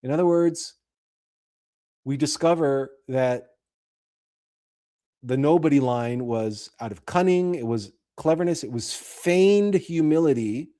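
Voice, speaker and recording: A man hosting a show, retelling and explaining a classic story in a deliberate, explanatory way. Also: fairly high pitch, animated, mellow. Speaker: host.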